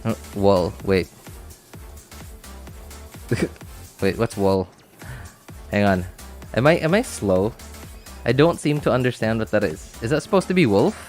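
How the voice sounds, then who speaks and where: A man's voice: fairly low pitch, expressive, a little slow, long pauses, a little mellow, soft background music. A man chatting casually on a game livestream, rambling with many fillers and restarts and laughing easily. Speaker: game streamer.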